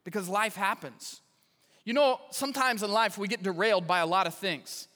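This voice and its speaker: A man's voice: high-pitched, moderate pace, pushed and bright. A male pastor giving a sermon with stories and self-deprecating humor, speaking in a large church hall. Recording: reverberant hall.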